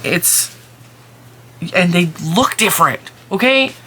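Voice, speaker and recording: A woman's voice: on the low side, lively intonation, takes it slowly, pushed and bright, slight background noise. Chatty woman gushing over yarn. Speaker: crochet and yarn vlogger. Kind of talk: casual show-and-tell vlog.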